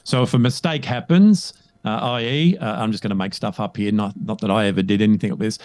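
A man speaking as a coach in a conversational interview, emphatic and animated, often checking in with "right?". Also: on the low side, quick pace, no room sound. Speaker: guest, leadership coach.

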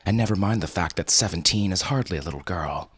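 A man's voice: low voice, fast, slightly rough, no echo, clean studio sound. A man voicing a sassy teenage bayou girl. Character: stubborn, teasing 17-year-old bayou girl.

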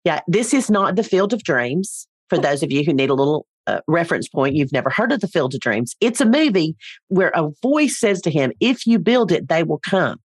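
A middle-aged woman talks as a podcast guest, chatty and full of playful asides. Her pitch swings widely, and the recording is dry and close. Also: very animated, fairly quick, husky, no room sound. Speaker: speaker coach guest. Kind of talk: casual interview.

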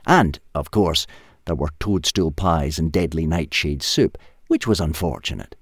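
A man reading a comic short story aloud in a lively, expressive way. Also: a bass voice, measured pace, breathy edge, dry recording, studio quality.

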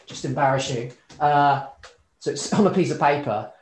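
A man in casual chat, talking as an occupational therapist, animated and prone to tangents. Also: medium pitch, moderate pace.

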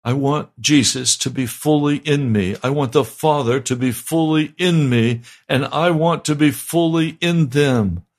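Male pastor, sermon delivery, gravelly and fervent, emphatic repetition. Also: on the high side, measured pace, hardly any pauses. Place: broadcast sermon.

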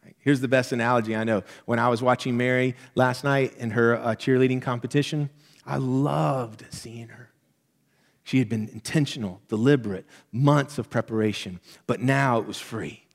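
A middle-aged man preaching a sermon as pastor, conversational and animated, checking in with the congregation as he goes. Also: medium pitch, normal speed, gravelly. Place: church sanctuary. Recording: long hall reverb.

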